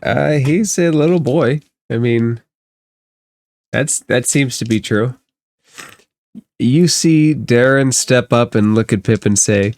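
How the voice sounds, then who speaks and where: A man's voice: medium pitch, slow, long pauses, darkish tone, no room sound. A man narrating a tabletop game as game master, easygoing and descriptive.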